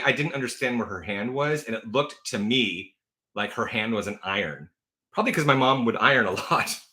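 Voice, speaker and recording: A man in his forties runs a casual livestream from home, gushing and chatty, laughing frequently as he responds to viewer comments. His medium-pitched voice sounds pushed and bright.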